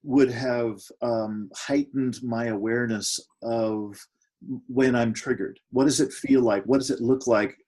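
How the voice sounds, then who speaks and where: A man hosting an interview, asking halting questions while searching for words. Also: medium pitch, fairly even intonation, darkish tone. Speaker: interviewer host.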